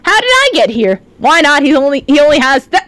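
A woman streamer chatting live over a game, excitable and shrieking, her voice often cracking. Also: high voice, brisk, no echo. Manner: excitable, shrieking, swearing at chat. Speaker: virtual streamer. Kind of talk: live gaming stream chat.

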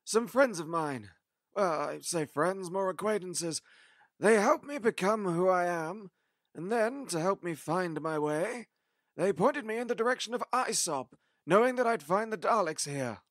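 A man's voice: high-pitched, lively intonation, unhurried, fairly bright tone, no echo, studio quality. A man playing the Doctor, grave and weary. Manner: grave, emphatic. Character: the Doctor, weary grave old time-traveller. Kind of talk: audio drama acting.

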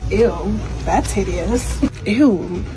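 A woman's voice: mid-range voice, very slow, loud music behind the voice. A woman doing comedic skits in a brassy, sassy manner, switching between characters. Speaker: comedy creator.

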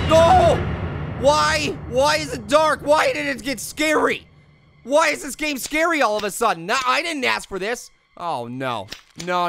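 A man voicing a hyper, wisecracking male cartoon fruit who excitedly comments on a video game, repeating himself and yelping at scares. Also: slight background noise, exaggerated voice. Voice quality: high, gravelly voice. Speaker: let's play commentator. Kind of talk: let's play commentary.

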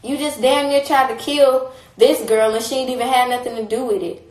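A woman's voice: a little high, fairly even intonation, a little fast, darkish tone, echoey room, slight background noise, rough recording. A young woman on a phone live stream, talking in a heated, blunt and repetitive way, with frequent swearing. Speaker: livestreamer. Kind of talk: casual livestream rant.

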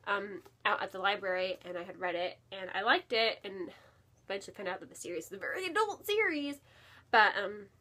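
This is a woman's mid-range voice, animated, brisk, pushed, and bright. She's a book vlogger having a relaxed, excited chat at home by her bookshelf, full of fillers and repetition, especially "really."

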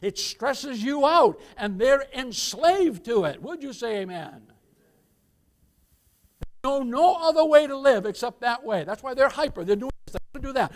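High-voiced man preaching a sermon. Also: animated, a little slow. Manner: emphatic preaching with repeated rhetorical questions and calls for amen; addresses the congregation as beloved. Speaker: pastor. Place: church service.

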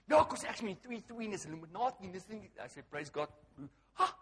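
A man preaching a lively sermon, asking the crowd questions and swinging from hushed to loud. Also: sits high, long reverb tail, slight background noise.

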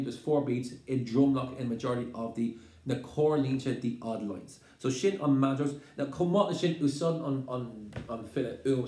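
Irish guy teaching exam prep, mellow voice, bit of room echo, explains stuff step by step. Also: medium pitch. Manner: explains slowly, mixing Irish phrases with English glosses. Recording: roomy echo.

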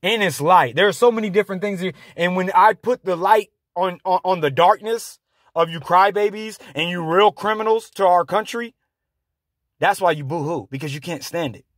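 A man delivering an angry, confrontational rant to his viewers, halting often on fillers. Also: high-pitched, no echo, studio quality. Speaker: vlogger.

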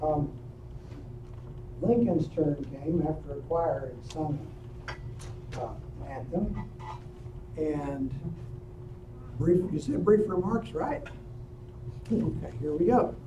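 A man, a professor, giving a history lecture to a college audience. He tells the story in a lively way and breaks in with offhand asides. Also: fairly high pitch, slow, long pauses. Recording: echoey room, distant mic, faint noise.

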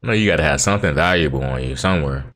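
Speaking at a racing pace in an extremely low pitch, this gaming channel host chats casually as he plays. His banter is relaxed and slangy, and he answers the game back.

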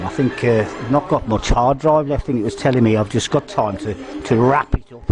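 A man's voice: medium pitch, a little fast, few pauses, over music, poor audio. An older man giving a rambling, swear-filled walk-through of his half-stripped cottage loft, often losing his words. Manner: swears constantly, forgetful, gropes for words. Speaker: vlogger renovating his cottage. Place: inside a derelict cottage loft.

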